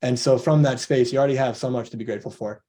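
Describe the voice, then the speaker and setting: A man's voice: mid-range voice, steady tone, rapid-fire, warm tone. A man giving a motivational coaching talk on a video call, earnest, acting out both sides of imagined conversations.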